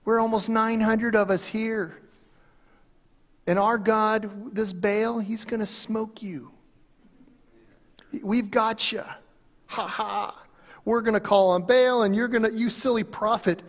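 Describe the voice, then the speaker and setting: Smug pagan prophets, as a preacher puts them on, sneer at their rival in a hushed, mocking voice. A long reverb trails behind each line. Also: male voice, high voice, steady tone, takes it slowly, pauses often.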